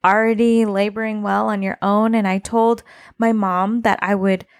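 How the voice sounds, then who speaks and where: A young woman casually telling a personal story, animated and laughing often, acting out what people said. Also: medium pitch, normal speed. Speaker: podcast co-host telling her birth story.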